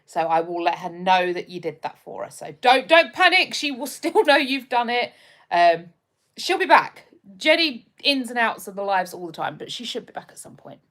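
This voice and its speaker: A woman's voice: fairly high pitch, very animated, normal speed, a bit bright. Chatty woman streaming live. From just outside London, England. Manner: chatty and rambling, with frequent ums and restarts. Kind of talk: casual live-stream chat reading viewer comments.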